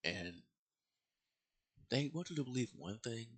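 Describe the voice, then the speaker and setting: A man's voice: medium pitch, lively intonation, slow pace, husky. A man giving a casual, rambling movie review, swearing freely and full of fillers and restarts.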